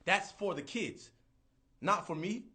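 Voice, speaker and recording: A man's voice: high voice, slow pace, bright, forceful tone, voice pushed up, full character voice. A man voicing a scornful grown male gorilla who curses and mocks. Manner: profane, mocking.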